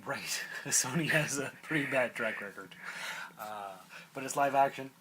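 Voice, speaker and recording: A podcast co-host with a mid-range voice chats casually at an unhurried pace over a noisy background. He reads movie and TV news items aloud and adds side comments.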